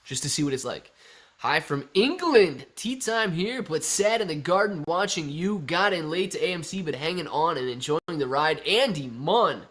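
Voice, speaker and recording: A man's voice: fairly high pitch, animated, normal speed, a bit bright. A man hosting a casual live stream, chatting and joking as he reads viewer comments aloud.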